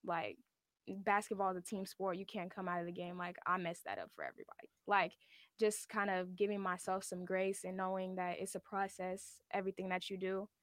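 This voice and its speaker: A young woman athlete reflects openly in a studio interview, using plenty of fillers. Her voice sits at a middle pitch. The sound is dry and close. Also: level tone, moderate pace, no room sound. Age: teens. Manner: reflective, thoughtful, many "like"s. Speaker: high school basketball player guest. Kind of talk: podcast interview.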